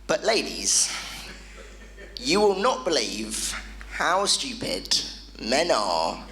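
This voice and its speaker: A male comedian telling an animated stand-up story on a club stage, punchy and quick to the punchline. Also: mid-range voice, low-quality recording. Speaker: comedian and compere.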